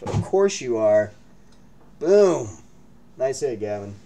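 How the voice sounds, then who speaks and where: A man's voice: mid-range voice, very animated, measured pace, dark tone. A man hosting a live card-break stream from his break room, hyping the pulls and bantering with viewers. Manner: hyped, joking banter with viewers.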